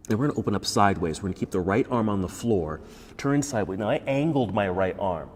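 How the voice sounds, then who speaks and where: A man teaching a yoga class with calm, encouraging step-by-step cues. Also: lowish voice, fast, breathy edge. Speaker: yoga instructor. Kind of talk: guided yoga class instruction. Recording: echoey room with faint background noise.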